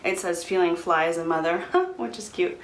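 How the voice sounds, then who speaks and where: A young woman chatting casually to her camera, in a slightly low voice and a talkative manner, often slipping in ums. The recording carries a roomy echo from a home room with a faint background hiss. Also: normal speed. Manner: chatty, frequent laughs and ums. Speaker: vlogger. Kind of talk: casual pregnancy update vlog.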